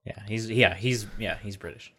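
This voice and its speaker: Brief: low-pitched male podcast co-host, loose profane rambling, quick laughs. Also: pushed and bright, slightly rough. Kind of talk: casual podcast chat.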